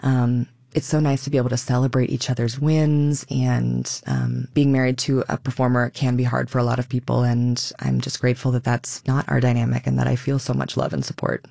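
A woman in her thirties, a stage actor, talking lively and expressively as a guest in a radio interview. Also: rumbling low, a little fast, gravelly, few pauses, dry recording, studio quality.

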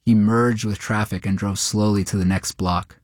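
Guy reading a short story out loud, steady, kinda low voice, dry. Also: dry recording. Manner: steady, measured narration. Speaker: narrator.

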